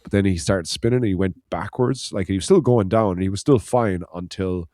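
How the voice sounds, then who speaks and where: A man's voice: low voice, a little fast, dark tone, dry recording, clean studio sound. A man from Ireland, a podcast co-host, telling a rambling anecdote in casual chat, laughing and swearing as he goes.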